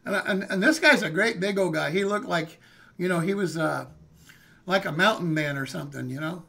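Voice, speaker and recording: A man's voice: high voice, moderate pace, creaky, bright, forceful tone. A man telling a story casually on a live stream, rambling and checking in with "okay?" and "you know".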